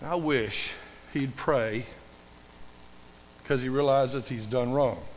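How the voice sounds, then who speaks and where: A man preaching a sermon in a church, emphatic and building to loud, passionate scripture reading. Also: mid-range voice, takes it slowly, slight background noise. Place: church sanctuary. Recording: long hall reverb.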